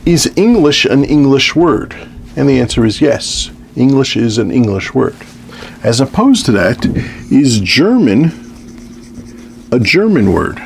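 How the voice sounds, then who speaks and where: A man lecturing on mathematics with a lively, up-and-down delivery and a gravelly edge to his voice. He keeps checking in with his listeners as he works through examples. A faint hiss sits under the recording. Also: medium pitch, moderate pace. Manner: lively, repeats "okay" as a check-in. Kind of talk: math lecture.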